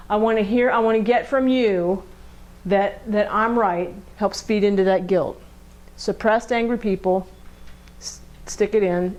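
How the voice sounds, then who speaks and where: A woman leads a group lesson in a group room, talking conversationally and throwing questions at the people listening. She acts out angry voices to make her points, and her voice sits at an ordinary middle pitch. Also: darkish tone, rough recording. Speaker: group counselor.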